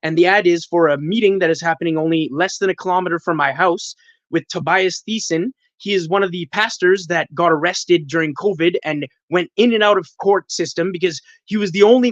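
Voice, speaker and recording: A man from Canada on a livestream call, venting in an agitated, profane rush. His voice sits high and sounds dry and close, with dull, lo-fi call audio. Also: a little fast, fairly bright tone, no room sound. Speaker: caller, panel guest. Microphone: video call.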